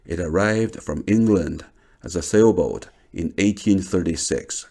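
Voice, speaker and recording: Male documentary narrator, low voice with a rough, gravelly edge, steady scripted read. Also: unhurried.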